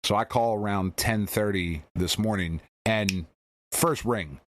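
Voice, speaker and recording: Male podcast co-host with a lowish voice; candid, rambling storyteller who curses freely. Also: measured pace. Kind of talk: casual podcast chat.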